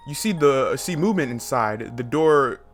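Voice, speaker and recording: A man's voice: medium pitch, moderate pace. Male gaming YouTuber, reads dating-game text with jumpy asides, faint music behind. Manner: excitable, laughing asides. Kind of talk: reading a dating game aloud with commentary.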